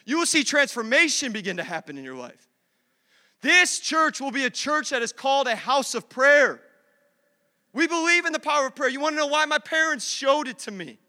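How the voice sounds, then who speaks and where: A male pastor preaches with fervent, conversational energy, hammering points through repetition. His voice sits very high and bright, and it rings out with the long reverb of a church hall. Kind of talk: sermon. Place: church sanctuary.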